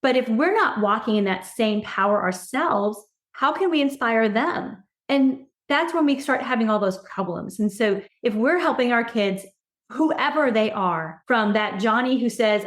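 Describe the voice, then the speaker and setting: A woman speaking as a podcast guest, an education consultant talking earnestly and growing excited as she goes. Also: fairly high pitch, brisk. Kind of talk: casual podcast conversation. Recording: roomy echo.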